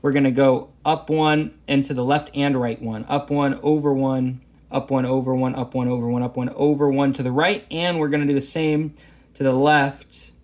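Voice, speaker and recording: A man's voice: mid-range voice, level tone, normal speed, darkish tone. A man teaching a math lesson, walking through graphing problems in a chatty, self-deprecating way. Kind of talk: casual lesson walkthrough.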